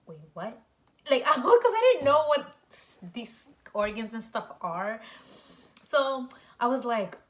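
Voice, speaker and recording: A young woman vlogger telling a casual story, animated and full of "like", breaking into high, shrieking quoted voices.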